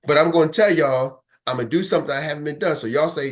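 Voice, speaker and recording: Racing along in a voice on the high side, a man fires up his sales team in a motivational coaching talk on an online meeting. Emphatic and preachy, he repeats points for punch and talks straight to the live group, calling on listeners by name.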